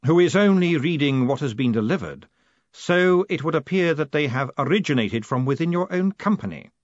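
A man voices a cold, commanding city ruler in an audiobook. He talks in a measured, precise way with a quiet menace and a lively, shifting pitch. The recording is dry and slightly muffled. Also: no room sound, lightly acted. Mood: cold calm.

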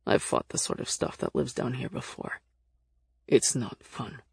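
A woman voicing a wary, gruff man who is jumpy underground, speaking low and clipped in an audiobook. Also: expressive, a little slow, no echo, clean studio sound, heavily acted. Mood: guarded.

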